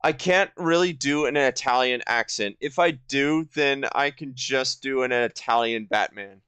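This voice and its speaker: A man in his twenties giving casual commentary while playing a video game, rambling and halting with lots of fillers and restarts. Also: mid-range voice, bright, forceful tone, clear, resonant tone, no room sound. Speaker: gaming video host. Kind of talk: casual let's-play commentary.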